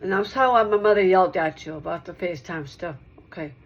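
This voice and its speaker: A woman's voice: lowish voice, fast talker, highs cut off. A woman talking straight to one listener in a rambling monologue, repeating herself and circling back over the same points.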